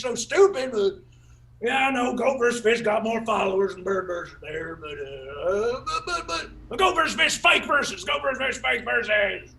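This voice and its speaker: A man doing an absurdist stand-up bit at an open mic, rambling and repeating himself in broken folksy grammar, with halting fillers and sudden shouted bursts. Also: very high voice, creaky, distant mic, poor audio.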